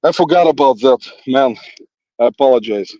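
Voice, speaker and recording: In a forest, a livestream host with a non-native English accent walks and talks, rambling teasingly to an absent critic and chuckling often. His medium-pitched, animated voice has a dark tone at normal speed, and the dry recording has the dull, lo-fi sound of a phone.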